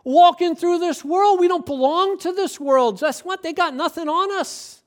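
Male pastor, high voice, animated sermon delivery with acted-out asides. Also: moderate pace. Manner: lively, acts out quoted voices, rising to emphatic preaching.

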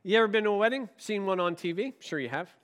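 A man's voice: high-pitched, lively intonation, quick pace, fairly bright tone. A male pastor preaching a sermon, emphatic and full of rhetorical questions.

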